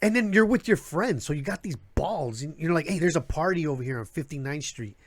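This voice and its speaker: A man from the south side of Chicago tells rough neighborhood stories as a comedian, his pitch sitting a little high and swinging widely as he acts out each voice. The sound is dry and close, with little room around it. He swears freely and laughs through his own punchlines. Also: lively intonation, brisk, dry recording. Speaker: guest comedian. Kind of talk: casual storytelling with profanity. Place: live show venue.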